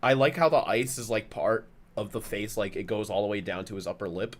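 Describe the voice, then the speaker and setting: A man co-hosting a live stream in casual chat, relaxed and answering viewers' questions with plenty of fillers. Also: lowish voice, brisk.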